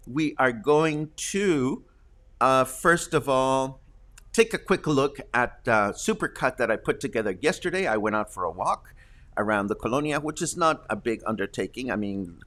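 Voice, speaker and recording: A man's voice: medium pitch, fairly bright tone. A man hosting a local talk show, casually explaining slang with jokes and asides. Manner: chatty, joking, explains slang.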